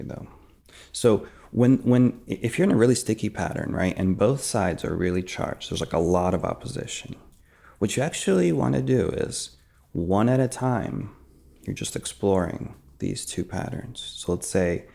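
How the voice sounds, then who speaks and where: A man teaching emotional release in a calm, soft way, dropping into whispers as he acts out examples. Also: deep voice, moderate pace, gravelly. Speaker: meditation teacher. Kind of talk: calm spoken guidance.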